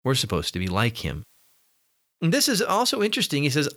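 A man's voice: fairly high pitch, huge pitch swings, fairly quick, fairly bright tone, dry recording, studio quality. A man giving an earnest, conversational sermon-style reflection, often restarting and building emphasis. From North America. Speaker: preacher.

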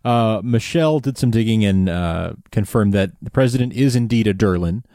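A man's voice: lowish voice, expressive, moderate pace, warm tone, no echo, studio quality. A man co-hosting a casual podcast, upbeat and talking with lots of "uh"s and restarts. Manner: upbeat, hesitant with many fillers. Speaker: podcast co-host.

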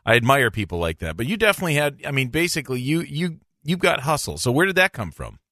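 A man's voice: medium pitch, big pitch swings, quick pace, sharp tone, no room sound, studio quality. A man hosting his own podcast as a dentist, chatting in an upbeat, jokey way with his guest. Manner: jokey, upbeat, sing-song. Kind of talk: casual interview.

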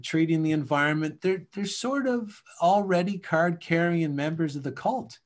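A man's voice: fairly high pitch, normal speed. A man from Canada talking in a casual podcast conversation, emphatic and rambling, often acting out little scenes.

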